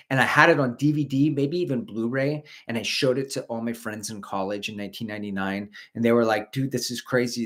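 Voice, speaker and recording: Host, man, 40s, loose rambling live-stream chatter, reads out viewer comments. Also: medium pitch. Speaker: podcast host. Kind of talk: casual live-stream chat.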